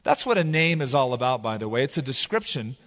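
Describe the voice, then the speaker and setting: A man preaching a sermon as pastor, retelling scripture in a casual, animated way. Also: mid-range voice, quick pace, in a large hall. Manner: casual, animated storytelling with paraphrase.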